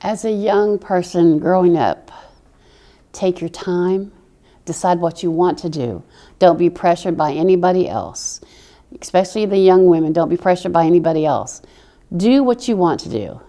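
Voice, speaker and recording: A woman's voice: lowish voice, lively intonation, moderate pace, mellow. A middle-aged woman from Oklahoma with a Southern accent, telling stories in a chatty way as a veteran being interviewed. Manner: storytelling, chatty. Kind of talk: interview answers.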